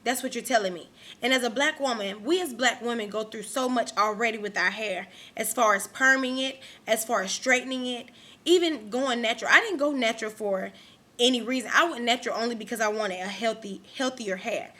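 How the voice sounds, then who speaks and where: A woman's voice: on the high side, brisk, bright, forceful tone. A young woman vlogging an angry rant to her camera, emphatic and repeating herself.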